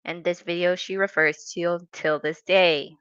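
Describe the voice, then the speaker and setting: A woman's voice: fairly low pitch, steady tone, a little slow, fairly bright tone, clean tone, no echo, highs cut off. A woman giving sassy, mocking reaction commentary. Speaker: commentary youtuber.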